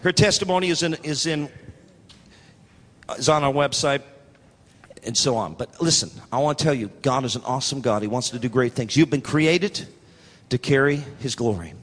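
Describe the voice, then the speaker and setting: A man preaching a sermon as pastor, telling stories with energy and acting out the people in them, building up to shouts. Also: mid-range voice, normal speed, pauses often, long reverb tail. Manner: animated storytelling, acting out quoted voices, building to shouts.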